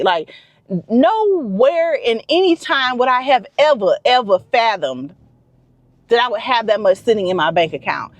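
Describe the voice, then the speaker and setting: A woman's voice: on the high side, dry recording. A woman vlogging casually from a car, talking to her viewers. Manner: chatty, animated, talks to viewers as y'all. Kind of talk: casual chat to camera. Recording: road noise in a car. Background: vehicle noise.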